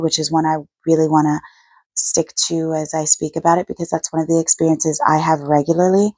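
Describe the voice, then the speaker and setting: Lady chatting on her channel, kinda low voice, earnest, wanders around her point, dry room. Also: darkish tone, no room sound. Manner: earnest, rambling, self-correcting. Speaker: channel host. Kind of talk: casual spiritual vlog chat.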